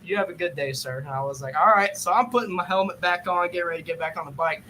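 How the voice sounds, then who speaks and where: Casual podcast guy with a high, bright voice; animated, swears freely, plays every part in his stories. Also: fast talker, a little hiss or hum, poor audio. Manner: animated, profane, acts out quotes. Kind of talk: casual storytelling chat.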